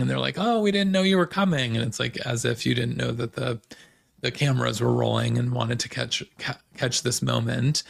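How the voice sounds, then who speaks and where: Male podcast host, gravelly mid-pitched voice, chatty gossip recap full of fillers. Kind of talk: casual recap chat.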